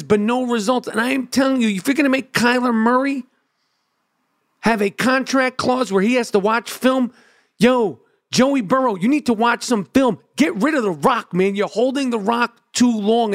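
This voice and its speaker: Man, high-pitched, brash swaggering sports rant, profane. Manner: brash, swaggering trash talk. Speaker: sports commentator. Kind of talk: profane football opinion rant.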